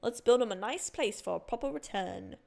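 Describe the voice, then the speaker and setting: A woman's voice: on the high side, expressive, fairly quick, gravelly, darkish tone. A cheerful old male game character speaks, as a young woman reads his lines aloud in her own plain voice. The reading carries no accent and only a little playfulness.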